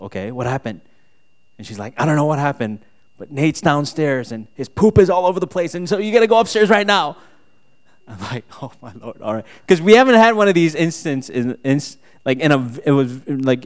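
A man's voice: medium pitch, clear, resonant tone. A man preaching a sermon, telling a personal story with lots of "right?" and building to exasperated outbursts. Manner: frequent fillers and tag "right?". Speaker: pastor.

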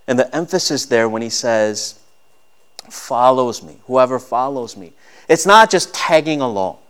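A man's voice: medium pitch, animated, moderate pace, fairly bright tone, clear, resonant tone. A man in his thirties preaching a sermon as a pastor, earnest and rising to emphatic peaks.

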